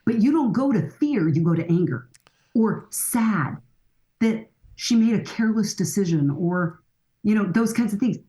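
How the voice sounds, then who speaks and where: A woman's voice: medium pitch, expressive, normal speed, mellow, poor audio. A middle-aged woman speaking as a guest expert in a podcast conversation, earnest and coaching, often acting out bits of dialogue.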